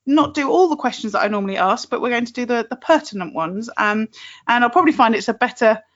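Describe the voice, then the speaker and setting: A woman hosting a podcast interview, talking quickly and chattily with frequent laughs. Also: a little high, animated, dull audio. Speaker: podcast host.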